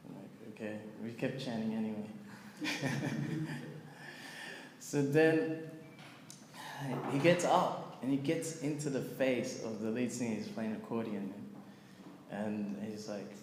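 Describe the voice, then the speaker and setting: A man telling a lively story to a gathering, acting out the people in it as he goes. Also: mid-range voice, takes it slowly, long pauses. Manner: animated, acts out the people in his story. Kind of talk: storytelling talk. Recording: echoey hall, faint background noise.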